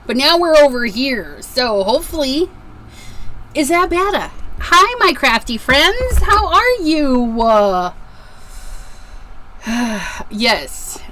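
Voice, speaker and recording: A woman's voice: high voice, very animated, takes it slowly, pauses often, pushed and bright, a little hiss or hum, poor audio. A woman hosting a casual craft livestream from her craft room, chatting and greeting viewers by name as she works. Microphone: desk microphone with a level meter.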